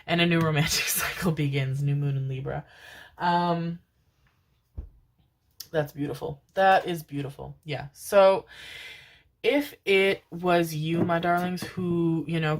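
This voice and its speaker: Rambling, affectionate tarot-reading woman. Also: sits low. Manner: affectionate, calls listeners "my loves", casual swearing; rambling, many fillers and restarts. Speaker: tarot reader. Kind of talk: tarot card reading to viewers.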